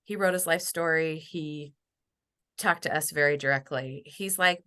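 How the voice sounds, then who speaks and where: Earnest, bright-voiced woman guest. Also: deep voice, measured pace, smooth. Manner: earnest and heartfelt, acts out quoted voices. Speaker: podcast guest. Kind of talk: reflective interview conversation.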